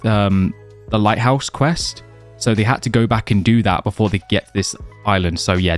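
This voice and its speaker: A young man talks through a game guide in a relaxed, rambling way, leaning on fillers like "like" and "you know." His voice sits on the lower side and sounds slightly worn, as if he is losing it. Soft game music plays faintly underneath. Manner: chatty, loose, many fillers like "like" and "you know". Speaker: gaming video creator. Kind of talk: casual gameplay guide commentary.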